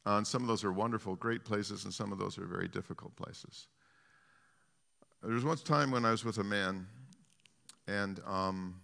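Preacher: man, low gravelly bright voice, impassioned, hushed-to-loud swings, long hall reverb. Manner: repetitive, restarting phrases. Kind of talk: sermon.

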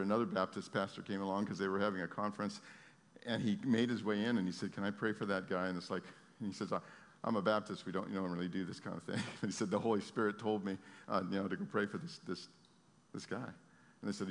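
Guy preaching, goes from fired-up pleading to soft storytelling, big echoey hall. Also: lowish voice, steady tone, fast. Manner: swings from loud impassioned pleading to soft storytelling. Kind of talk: sermon. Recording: long hall reverb.

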